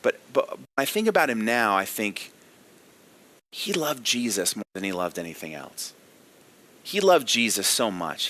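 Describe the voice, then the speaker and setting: A man's voice: fairly low pitch, pushed and bright. A man giving a daily devotional sermon as a pastor, earnest and emphatic, putting direct questions to his listeners.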